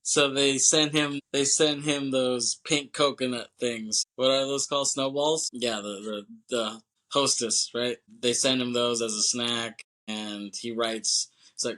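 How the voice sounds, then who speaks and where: Bright-voiced man recapping a movie. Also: mid-range voice, steady tone, a little slow. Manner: laughs often, loose and jokey retelling. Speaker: podcast co-host. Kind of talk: casual movie recap chat.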